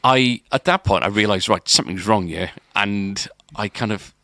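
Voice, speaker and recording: Bright-voiced man telling a story. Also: fairly low pitch, normal speed, no room sound, clean studio sound. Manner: rambling, many restarts and "kind of" fillers. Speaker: podcast co-host. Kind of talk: casual storytelling.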